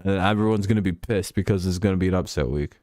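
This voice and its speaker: A man's voice: deep voice, fast, darkish tone, dry recording, studio quality. A man hosting a casual football talk live stream, loose and joking, swearing freely as he signs off.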